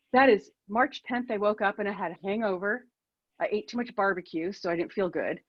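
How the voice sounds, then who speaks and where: A woman in her fifties, a keynote speaker, shares a personal story over a video call, candid and self-deprecating. Her mid-range voice comes through dull audio with no room sound.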